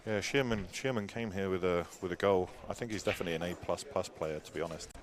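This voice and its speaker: A man doing live pool commentary in a chatty way, with dry asides and a habit of trailing off softly. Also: sits low, fast talker. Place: pool hall. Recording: live venue with crowd noise. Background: crowd chatter.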